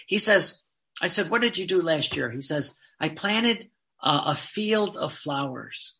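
A fervent religious teacher delivering a sermon-style talk, with a bright, forceful tone at a middling pitch. The delivery is earnest, and it slows down deliberately whenever a passage is read aloud.

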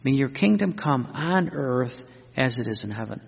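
A man's voice: mid-range voice, animated, normal speed, gravelly, a little hiss or hum. A man preaching an earnest Catholic-style sermon, repeating himself, restarting phrases and building long fervent lists. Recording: dull lo-fi sound with long hall reverb.

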